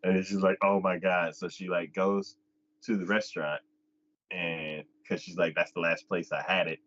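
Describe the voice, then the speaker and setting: A man hosting an anime podcast, retelling an episode in casual chat, jumping into high squeaky voices for the characters and laughing often. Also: little pitch movement, normal speed, fairly bright tone, highs cut off.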